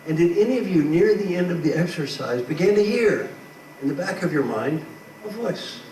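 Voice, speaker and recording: A man's voice: high-pitched, moderate pace. Man coaching a crowd in an echoey hall. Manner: animated, acts out quotes, rhetorical questions to the crowd. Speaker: leadership coach speaking to an audience. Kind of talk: motivational talk. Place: large hall with a live audience. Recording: echoey hall, far from the mic, noisy.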